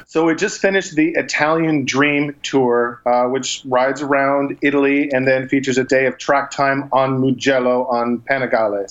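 Man, mid-pitched, enthusiastic tour guide, dull lo-fi call audio. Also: steady tone, normal speed, hardly any pauses. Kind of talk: casual interview. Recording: phone call.

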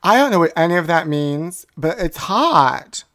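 A woman's voice: fairly low pitch, lively intonation, unhurried, fairly bright tone. A woman co-hosting a talk show, chatty and dramatic, telling stories in casual chat. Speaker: podcast co-host.

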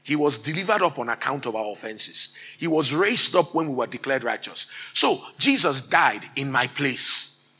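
A man preaching a sermon, quoting scripture and rising to loud, emphatic exhortation. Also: medium pitch, big pitch swings, moderate pace, slightly rough, poor audio.

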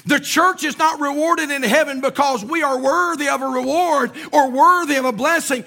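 A pastor preaching a fiery sermon in a church, swinging between shouted, singsong runs and quiet, low passages. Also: male voice, moderate pace, creaky.

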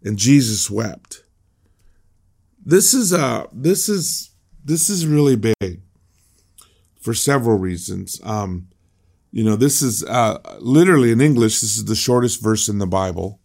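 In a lowish, expressive, slightly mellow voice with vocal fry, an American pastor gives devotional Bible teaching, reading scripture and unpacking it informally. He speaks a little slowly, leaves long pauses, and frequently repeats words when restarting a thought.

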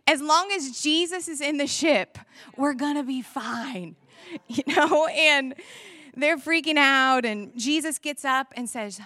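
A woman preaching a sermon in a church, telling the story with animated energy and frequent laughter. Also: high voice, measured pace, no room sound, clean studio sound. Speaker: pastor.

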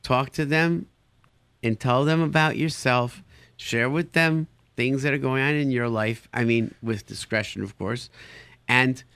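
Animated man therapist, dry sound. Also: a little slow, clear, resonant tone, dry recording. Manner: animated, acts out incredulous reactions with sudden jumps in pitch; sprinkles Yiddish words into his talk. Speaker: therapist giving parenting advice. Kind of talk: advice talk answering listener questions.

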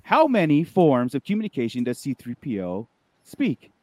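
A man's voice: mid-range voice, wildly swooping pitch, moderate pace, dry recording. A man hosting a live podcast in casual chat, rambling loosely and laughing often. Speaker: podcast co-host.

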